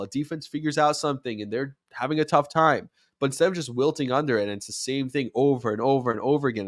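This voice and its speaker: Male sports show host, mid-range voice, dry close sound; casual, animated, gets loud on quoted lines. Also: mid-range voice, no echo. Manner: animated, rising to near-shouts when acting out quotes. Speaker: podcast host and sports radio commentator.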